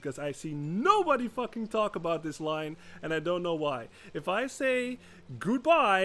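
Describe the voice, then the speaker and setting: A man's voice: sits high, a bit bright, slight background noise. A man streaming a video game, chatting casually as he plays, laughing often and swearing freely. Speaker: gaming streamer. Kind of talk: gameplay commentary.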